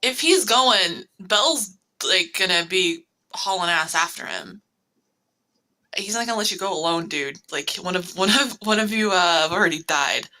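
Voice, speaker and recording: A woman plays in a tabletop game with a bright, sharp voice. She talks bluntly and quickly, with plenty of fillers. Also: fairly low pitch, animated, rough recording. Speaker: player. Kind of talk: casual tabletop game play.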